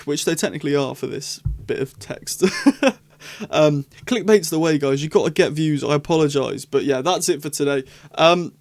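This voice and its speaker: A young adult man chatting through a casual commentary vlog, excitable and rambling. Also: a little high, dry recording. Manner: excitable, rambling, animated reactions. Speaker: YouTuber.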